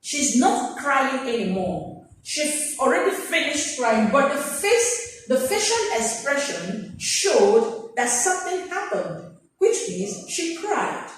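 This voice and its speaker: A woman teaching a vocabulary class with a high voice that swoops up and down, acting out little examples in sing-song tones. She talks at an unhurried pace. The sound is very echoey and picked up from well away from the mic, with a faint hiss behind her. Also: very animated. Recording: very echoey room, mic far off.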